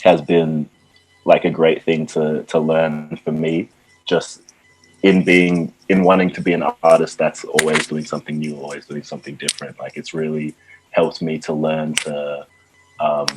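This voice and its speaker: A man's voice: extremely low pitch, level tone, a little slow, a little hiss or hum, poor audio. A young man from Ghana, a musician guest chatting casually in an interview, laid-back and full of "like" and "um" fillers.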